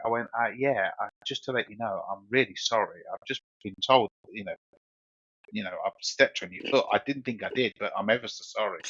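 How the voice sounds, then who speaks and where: A man's voice: fairly low pitch, sharp tone, husky, no room sound. Rambling man, dull lo-fi sound. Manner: rambling, swears, repeats himself. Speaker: podcast co-host. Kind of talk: casual storytelling chat.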